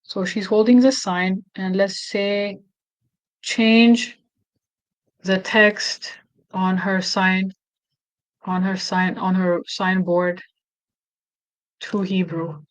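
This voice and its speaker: A woman hosting a casual screen-recorded software walkthrough, thinking aloud and correcting herself with frequent restarts. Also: mid-range voice, little pitch movement, extremely slow, pauses often, low-quality recording. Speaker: tutorial host.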